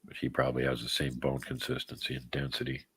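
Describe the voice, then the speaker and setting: A man's voice: very deep voice, monotone, fast, vocal fry, a bit bright, slight background noise. A man hosting a live show in casual chat, rambling and joking as he answers viewers' comments by name. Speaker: podcast host.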